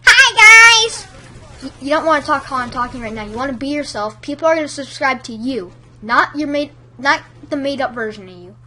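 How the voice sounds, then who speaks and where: A woman's voice: sits high, quick pace, hardly any pauses, bright, forceful tone. A woman giving casual tutorial tips in a chatty, rambling way, full of fillers. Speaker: YouTube commentator giving tips.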